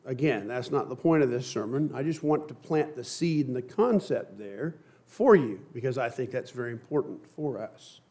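A pastor giving a sermon in a conversational, lightly humorous storytelling manner. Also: male voice, medium pitch, expressive, normal speed, mellow.

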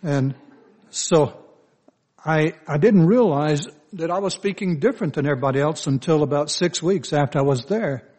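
An older man with a Southern accent, preaching a sermon in a slow, folksy storytelling way with many "you know" and "uh" fillers. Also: on the high side, darkish tone, husky. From Southern United States.

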